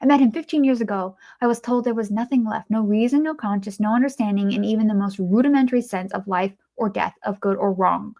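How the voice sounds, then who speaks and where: A woman's voice: mid-range voice, fast talker, creaky, few pauses, dark tone, close to an everyday voice. A woman voicing a solemn male psychiatrist who warns of evil, in a put-on accent. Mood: grave.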